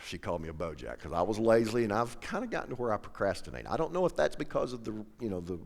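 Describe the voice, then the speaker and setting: Low-voiced man telling a story. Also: big pitch swings, fast talker, gravelly, long reverb tail. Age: middle-aged. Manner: storytelling, emotional, reenacts dialogue. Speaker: professional angler. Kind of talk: emotional personal speech.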